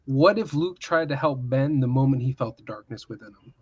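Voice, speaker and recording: A man co-hosting a podcast in casual chat, making dry quips and explaining in a measured way. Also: mid-range voice, lively intonation, darkish tone, lo-fi sound. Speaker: podcast co-host.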